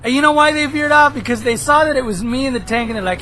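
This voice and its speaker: Hoarse high-voiced gaming commentator. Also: male voice, fast, a little hiss or hum, poor audio. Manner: rambling, excitable, bursts into shouts. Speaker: gameplay video host. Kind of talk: gameplay commentary.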